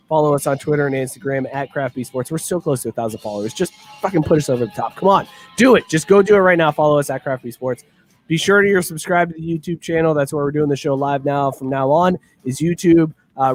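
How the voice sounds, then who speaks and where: A man hosting a casual podcast, rowdy and swearing as he wraps up the show. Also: on the high side. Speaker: podcast host. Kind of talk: casual chat.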